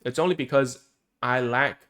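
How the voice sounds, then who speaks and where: Man, speech therapist, casual explainer, thinks aloud, checks in often, mid pitch. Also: moderate pace, fairly bright tone. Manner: conversational, thinks aloud, frequent "right?" and "okay?".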